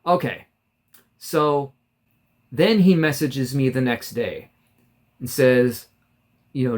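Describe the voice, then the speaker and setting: A man's voice: mid-range voice, slow pace, pauses often. Aggrieved man venting to camera. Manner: aggrieved, recounting a quarrel with many fillers and restarts. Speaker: vlogger. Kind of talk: casual storytelling to camera.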